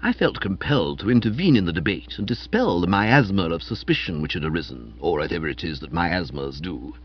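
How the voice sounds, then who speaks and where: A man narrating a comic story in the first person, in a lively, playful reading. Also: low-pitched, fairly quick, husky. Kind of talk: scripted audiobook narration. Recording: dull, muffled audio.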